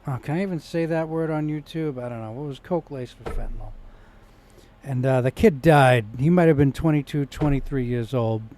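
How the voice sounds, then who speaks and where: A man's voice: mid-range voice, normal speed, darkish tone. A man telling a personal story in a rambling vlog monologue, with restarts, growing indignant in places. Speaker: vlogger.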